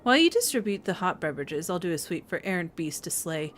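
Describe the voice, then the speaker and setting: A woman's voice: fairly low pitch, very animated, quick pace, slight background noise. A woman doing a curt, aloof male dragoon. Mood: dry. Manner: clipped, formal and dismissive.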